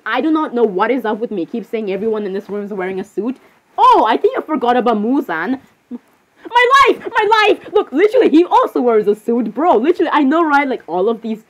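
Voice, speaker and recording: A young woman chatting casually to her viewers while browsing pictures, giggling often and breaking into excited exclamations. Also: a little high, dull audio. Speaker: video creator.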